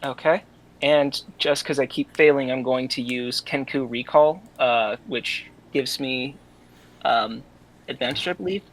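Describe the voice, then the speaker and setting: A man's voice: mid-range voice, unhurried, fairly bright tone, slight background noise, rough recording. Hesitant man explaining game rules. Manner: hesitant, reading rules aloud. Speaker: player. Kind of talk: casual tabletop play.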